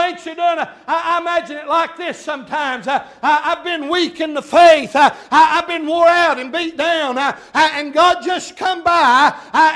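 High-voiced fervent preacher, man. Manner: fervent preaching with frequent "uh" fillers, sudden shouts. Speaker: pastor. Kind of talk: sermon.

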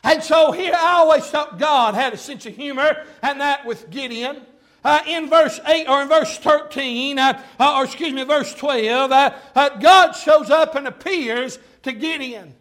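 Preacher, man with a very high voice, fervent delivery with frequent hesitations and bursts of shouting. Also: unhurried. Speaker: pastor. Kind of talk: sermon.

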